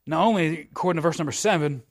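A man preaching a sermon in a folksy, repetitive way that swells louder at the high points. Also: fast, creaky.

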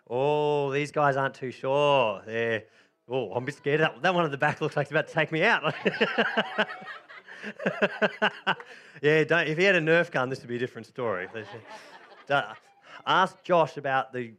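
A male preacher leading a lively church talk with a bright, forceful tone and a slightly high pitch. He jokes, chats with the people around him and keeps encouraging them along. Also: moderate pace. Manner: jokey, chatty, encouraging. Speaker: pastor. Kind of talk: sermon with playful reenactment.

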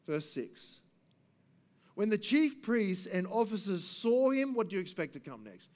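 A man preaching an expository sermon as pastor, earnest, rising for emphasis and dropping to hushed passages. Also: big pitch swings, measured pace. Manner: earnest, swings between raised emphasis and hushed low passages.

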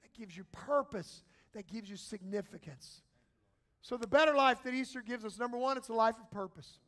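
A man preaching a sermon as pastor, moving from quiet, slow passages to shouted calls to the congregation. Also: extremely high pitch.

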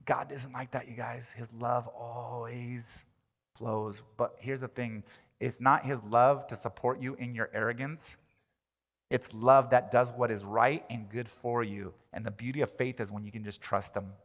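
A male pastor delivering a sermon, animated, swinging from loud emphatic lines to quiet ones. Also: medium pitch, moderate pace. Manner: animated, rises and drops in volume for emphasis. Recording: long reverb of a large hall.

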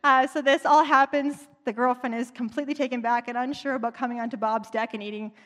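A woman's voice: a little high, fairly even intonation, fast, a bit bright. A woman preacher retelling a story in a chatty, conversational sermon, in a church. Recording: long reverb in a large hall.

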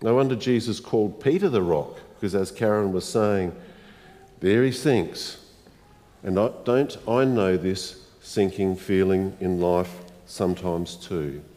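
A man preaching a sermon as the pastor of a church congregation, in a slow, reflective way, often asking the listeners questions. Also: deep voice, warm tone. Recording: long reverb of a church hall.

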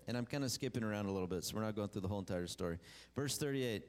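A man's voice: animated, racing, a little mellow. Man preaching in a reverberant church. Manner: emphatic preacher, pitch rising on key phrases. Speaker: pastor. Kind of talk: sermon with scripture reading.

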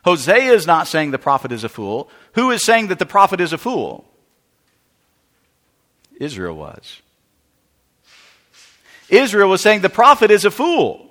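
A man preaching a sermon, emphatic, with sudden drops to quiet and rises to loud. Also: a little high, wildly swooping pitch, unhurried, pauses often. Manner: emphatic preaching with wide swings in loudness. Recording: long reverb of a large hall.

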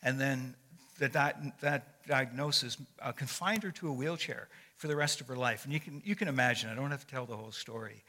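A man's voice: mid-range voice, brisk, pushed and bright. An older man giving a sermon as a guest speaker. He tells stories in a conversational way with frequent fillers and restarts. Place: church sanctuary. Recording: long echo of a large hall.

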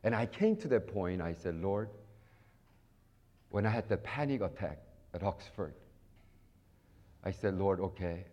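Animated preaching man, lively low voice. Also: unhurried, pauses often, dull audio. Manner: animated, preaching with sudden loud rises and soft low passages; acts out prayers and voices in dialogue. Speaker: pastor. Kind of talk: sermon.

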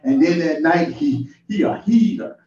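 A man preaches an informal sermon, telling the story in a folksy way and climbing to exclamations. His voice sits a little high and comes from away from the mic. The room is echoey, and the recording is dull and muffled. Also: a little slow, warm tone, distant mic.

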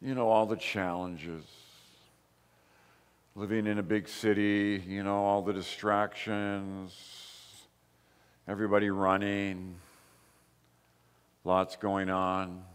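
A man preaching a sermon as pastor, slow and emphatic, with repeated short phrases. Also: low voice, flat delivery, clean tone, big-room sound. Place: church.

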